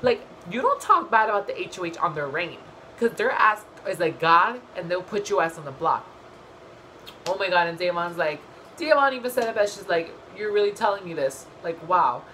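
A woman's voice: lowish voice, moderate pace, slight background noise, low-quality recording. Profane, gossipy young woman vlogger. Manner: gossipy, blunt and profane, with animated asides. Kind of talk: casual reality-show recap.

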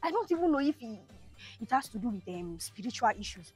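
A woman's voice: a little high, big pitch swings, quick pace, a little mellow, husky, faint music behind. A woman acting a dramatic, defensive mistress in a comedy skit. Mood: defensive pleading.

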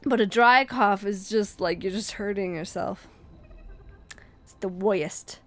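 A woman's voice: mid-range voice, slow, fairly bright tone. A woman co-hosting a casual let's-play, chatty and giggly while sick with a wheezy dry cough. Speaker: co-host of a gaming channel.

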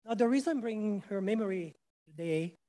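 A man's voice: high voice, lively intonation, fairly quick, dark tone. A man with a French accent, a priest delegating at a board meeting, earnest and polite but insistent. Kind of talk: formal delegation speech.

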